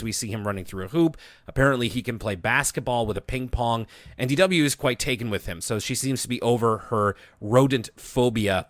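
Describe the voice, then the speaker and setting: A man's voice: mid-range voice, a bit bright, dry recording, clean studio sound. A man co-hosting a podcast, casually recapping a cartoon episode in detail. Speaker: podcast co-host.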